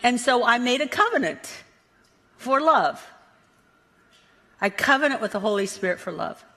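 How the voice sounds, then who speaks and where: A woman minister delivers a Sunday sermon with a bright, forceful voice. She keeps it playful and animated and chuckles at her own asides. Her words ring with the long reverb of a large church sanctuary. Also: fairly high pitch, moderate pace.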